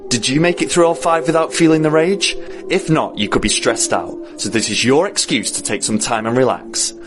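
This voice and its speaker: A man's voice: medium pitch, moderate pace, music in the background. A man hosting a playful challenge video, teasing the viewer. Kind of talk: upbeat challenge narration.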